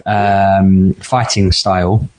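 Blunt man, lively co-host. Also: sits low, drawn-out words. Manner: blunt, animated storyteller. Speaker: podcast co-host. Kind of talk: casual chat.

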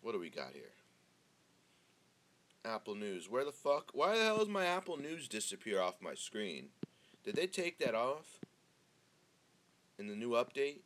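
His voice is medium in pitch but swoops wildly, a bit bright, with a measured pace and frequent pauses. He's a young man from Northern California hosting his own podcast close on the mic, delivering a laid-back, profane, meandering solo talk full of fillers.

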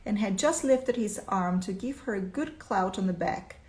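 Expressive woman reading a story aloud. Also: medium pitch, moderate pace. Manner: expressive, asks listeners questions. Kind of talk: storytelling lesson.

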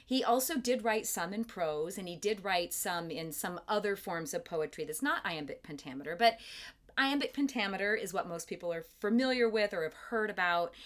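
Middle aged woman director, lowish voice, explains things slow and careful, into her craft. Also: fairly bright tone. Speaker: theatre director. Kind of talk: interview conversation.

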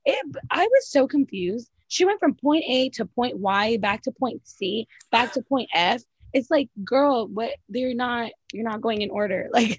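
A woman's voice: fairly high pitch, slightly rough, no room sound, highs cut off. A woman co-hosting a casual recap of a reality show, blunt and profane, filling her talk with "like" and "literally". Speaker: podcast co-host.

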